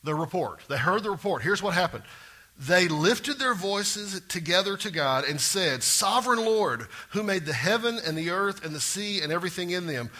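Animated, bright-voiced middle-aged preacher man. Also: high-pitched, moderate pace. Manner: animated, swings between soft asides and loud exclaiming. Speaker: pastor. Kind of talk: sermon.

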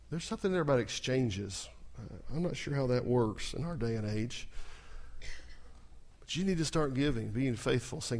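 A man preaching a sermon as pastor, working the congregation with repeated call-and-response lines and swinging from soft asides to loud, rising exclamations. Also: mid-range voice, lively intonation, normal speed.

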